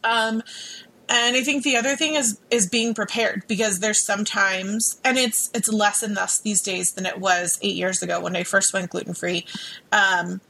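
A woman's voice: mid-range voice, steady tone, moderate pace, vocal fry, bright, forceful tone, low-quality recording. A woman co-hosting a podcast, chatty and joking in casual conversation. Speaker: podcast co-host.

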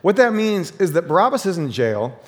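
A man preaching in a casual, conversational way, often tossing rhetorical questions to his listeners. His voice sits fairly high for a man. The sound trails off in the long reverb of a big hall. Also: very animated, fairly quick. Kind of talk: sermon with scripture reading.

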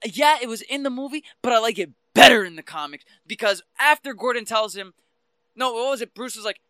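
A man talks fast and fired up, swinging between heated outbursts and quieter stretches of explanation. His voice has a bright, tense edge. The sound is dry and close. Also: very high voice, clear, resonant tone, dry recording. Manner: passionate, ranting, animated about comics. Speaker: podcast co-host. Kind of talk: casual chat.

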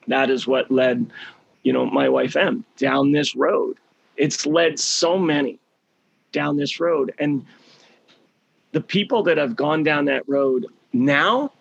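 Man, gravelly fry, breathy rasp, impassioned storytelling, repeats phrases. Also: fairly high pitch, no room sound, lo-fi sound. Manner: animated, repeats phrases for emphasis. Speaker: podcast guest.

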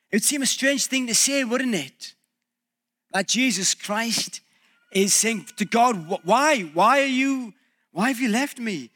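A male pastor preaching a reflective sermon, pausing and restarting as he thinks aloud. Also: high voice, pushed and bright.

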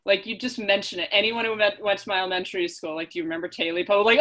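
A young woman from upstate New York, co-hosting a casual chat and telling stories in an animated way. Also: medium pitch, very fast, hardly any pauses. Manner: chatty, animated storytelling with laughs.

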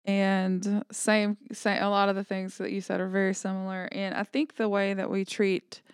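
A woman's voice: mid-range voice, flat delivery, normal speed, clean tone, no echo, studio quality. A woman co-hosting a casual faith discussion, speaking in a thoughtful, reflective way. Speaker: podcast co-host.

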